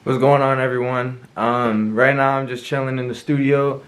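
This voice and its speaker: A young man greeting his vlog viewers casually from a studio, in a laid-back, relaxed way. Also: mid-range voice, normal speed, slight background noise. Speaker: vlogger.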